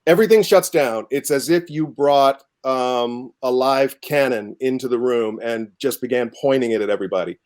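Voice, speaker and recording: A man's voice: mid-range voice, moderate pace, few pauses, darkish tone. A man chatting as a guest on a comedy talk show, wry and building his stories to punchlines. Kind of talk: casual talk show chat.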